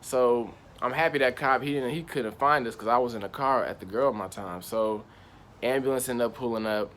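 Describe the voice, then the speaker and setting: A man's voice: mid-range voice, moderate pace, a bit bright, slight background noise. A young man casually telling a personal story in slangy, rambling speech. He circles back on himself and keeps repeating "I was like.". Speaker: channel host.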